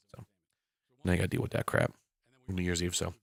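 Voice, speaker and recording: A man's voice: low voice, completely flat delivery, fast talker, gravelly, pauses often, no echo. A man in his forties talking casually and rambling on a live stream, swearing now and then. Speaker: reptile keeper and live streamer. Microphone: computer mic at a desk. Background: faint background music.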